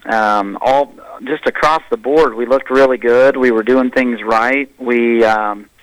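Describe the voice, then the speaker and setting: A man's voice: mid-range voice, a bit bright, no echo, rough recording. Male coach, mid-range voice, frank and plainspoken, dry close recording. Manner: candid, plainspoken self-critique. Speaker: high school wrestling coach. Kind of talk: radio interview.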